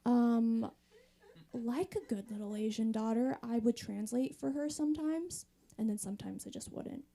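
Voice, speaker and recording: A woman's voice: on the high side, normal speed, vocal fry, mellow. A woman in her thirties doing a chatty, wry stand-up set on a comedy club stage. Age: 30s. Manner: conversational, wry, chatty with the audience.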